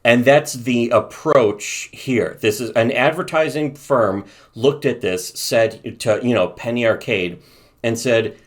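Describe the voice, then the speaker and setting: A man's voice: medium pitch, slow pace. A man co-hosting a casual commentary podcast, ranting profanely and reading from his notes. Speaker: podcast co-host.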